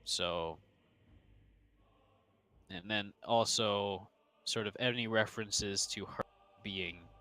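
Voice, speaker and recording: Slow, hesitant male game master. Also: on the low side, steady tone, sharp tone. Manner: slow, hesitant, with many fillers. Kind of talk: narrating a tabletop game. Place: home streaming setup.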